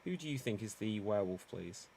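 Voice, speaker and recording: A man's voice: lowish voice, expressive, a little fast, creaky, mellow, breathy edge. Theatrical man hosting an improv game. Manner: theatrical, announcing rules and votes. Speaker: improv show host.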